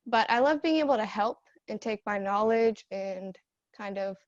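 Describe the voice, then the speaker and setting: A woman's voice: medium pitch, moderate pace, dry recording. A young woman in a casual group Q&A, earnestly telling a personal story with many fillers like "um" and "like". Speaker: idol dance group member. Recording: dull, dry lo-fi audio.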